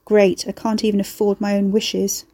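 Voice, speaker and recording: A woman reader plays a sharp-tongued young heroine in a dark storybook. She is broke and frazzled, snapping and swearing. Her lines sit higher and louder than the narration, on a mellow tone. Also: flat delivery, moderate pace, lightly acted. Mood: uneasy.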